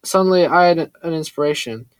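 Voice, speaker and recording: A man reading a first-person story aloud in a steady, earnest way. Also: on the high side, brisk, no room sound. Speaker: audiobook narrator. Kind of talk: first-person scripted narration.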